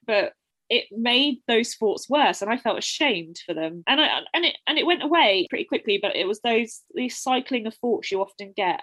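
A woman's voice: medium pitch, fairly bright tone, no echo, poor audio. Candid young woman, dry close sound. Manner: open, reflective, often restarts and quotes herself. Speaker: interview guest. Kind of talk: candid personal account.

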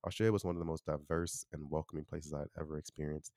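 A man's voice: rumbling low, level tone, fast talker, dark tone, no room sound, studio quality. A young man from Chicago hosting a casual solo podcast, chatty and loose, with lots of "you know" and "like.". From Chicago, USA. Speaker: podcast host.

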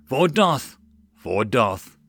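A man's voice: mid-range voice, very animated, extremely slow, fairly bright tone, heavily acted. A man voicing an eager adult male soldier reporting matter-of-factly in a storybook reading. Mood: rousing.

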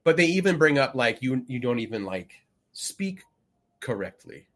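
A man's voice: medium pitch, very animated, moderate pace, fairly bright tone. A man co-hosting a podcast in casual chat, rambling with lots of fillers and acting out quotes as he goes. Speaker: podcast co-host.

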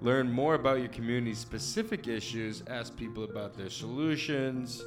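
A man's voice: medium pitch, normal speed, music in the background. A man co-hosting a comedy podcast, reading out tips and joking with frequent laughs. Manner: joking, laughs often, reads tips aloud. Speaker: podcast co-host. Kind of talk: comedic casual chat.

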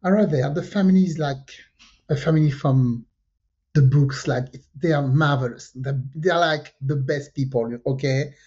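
Telling a story in relaxed podcast chatter, a French female co-host keeps a moderate pace. She's animated, peppers her speech with fillers, and shifts her pitch sharply to quote people. The recording is muffled, lo-fi podcast audio.

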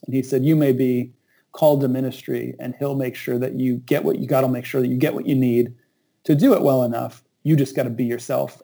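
Dark-voiced man telling his calling story. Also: mid-range voice, low-quality recording. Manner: earnest, reflective, with animated quoted asides. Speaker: pastor. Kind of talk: conversational storytelling.

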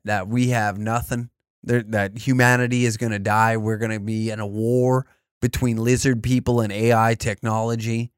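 A man's voice: mid-range voice, clear, resonant tone, no room sound, studio quality. A man in his twenties doing a crude, rambling comic monologue in a mock-serious tone. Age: 20s.

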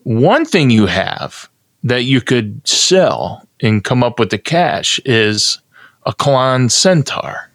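A man's voice: medium pitch, sing-song, a bit bright, no room sound. Guy co-host running a game bit, takes his time, dry close mic. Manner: unhurried, mock-announcer. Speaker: podcast co-host. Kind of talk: announcing and explaining a game segment.

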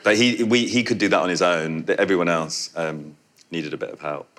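A very low-pitched man with a Yorkshire accent talks casually about his film at an audience Q&A. He laughs often and trips over restarts as he speaks. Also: brisk, fairly bright tone. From Yorkshire, England. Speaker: film director at a Q&A. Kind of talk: casual conversational answers.

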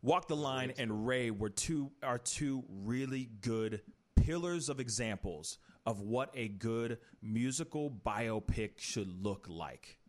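Animated man hosting a chat show. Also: mid-range voice, slow pace, few pauses. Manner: animated, opinionated, rambling. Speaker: talk show host. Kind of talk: casual commentary show.

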